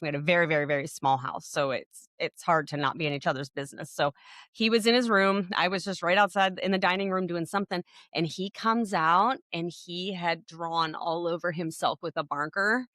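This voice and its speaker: A woman's voice: fairly low pitch, brisk, dry recording, clean studio sound. A woman co-hosting a podcast, telling family stories in a casual chat and acting out the quotes. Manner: animated storyteller, acts out quotes. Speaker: podcast co-host.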